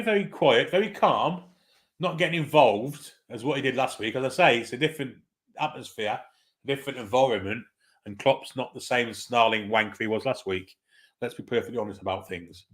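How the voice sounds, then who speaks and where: A man's voice: mid-range voice, fairly bright tone. Man, football watchalong host, casual play-by-play, blunt, swears a lot. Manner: chatty and blunt, swears freely, reads out viewer comments. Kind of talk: casual live match commentary.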